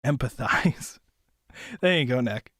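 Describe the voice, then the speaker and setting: This young American streamer and anime reviewer talks at a normal speed in a medium-pitched voice, giving loose, rambling commentary heavy on filler words and swearing. The recording is dry and of studio quality.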